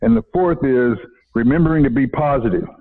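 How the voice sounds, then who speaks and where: Older man, husky voice, rambling, repeats words, tinny phone-like sound. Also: medium pitch, lively intonation, brisk. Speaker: interview guest, retired educator. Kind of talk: casual interview storytelling. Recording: phone-like narrow audio.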